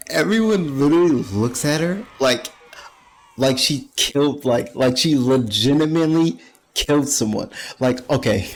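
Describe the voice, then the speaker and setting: A man's voice: a little high, expressive, unhurried. Laughing slangy man reviewing manga. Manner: laughs often, slangy, rambling. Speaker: anime reviewer. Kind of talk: casual manga review chat.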